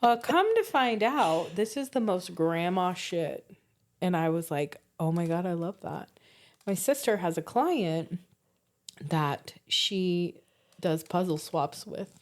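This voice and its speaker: Animated storytelling woman, laughing often. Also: on the low side, slow. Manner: animated, laughing while telling stories; swears casually. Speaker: podcast co-host. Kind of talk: casual storytelling chat.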